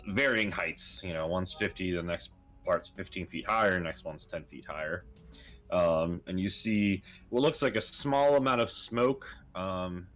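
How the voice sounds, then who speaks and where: A man's voice: deep voice, fairly bright tone. A man narrating as game master, hesitant and full of ums and uhs. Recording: faint music behind.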